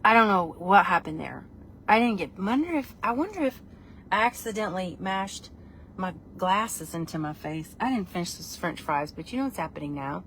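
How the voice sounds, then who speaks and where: A woman hosting a casual live video on her phone, talking in an excitable, rambling way. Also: lowish voice, moderate pace, slight background noise. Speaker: live-stream host. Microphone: phone camera.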